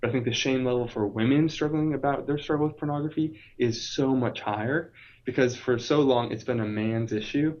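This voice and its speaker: A man's voice: mid-range voice, brisk, a little mellow, muffled recording. A man in his late twenties, a podcast guest, telling a personal testimony in an earnest, emphatic way. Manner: earnest, emphatic, vivid retelling.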